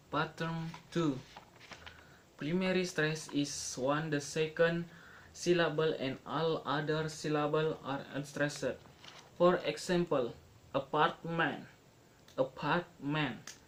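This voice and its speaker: A young man presents a pronunciation lesson at a very unhurried pace, his voice sitting a bit high for a man. He stops and restarts often and says each example word twice. Faint noise hums behind him. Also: rough recording. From Indonesia. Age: young adult. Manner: halting, repeats example words slowly. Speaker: student presenter.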